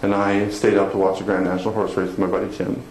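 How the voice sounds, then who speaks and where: A man's voice: deep voice, completely flat delivery, fast talker, darkish tone. A man, a motivational speaker, telling a personal story to an audience with laughing, self-deprecating humor and emotion. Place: conference hall before an audience. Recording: echoey hall with room noise.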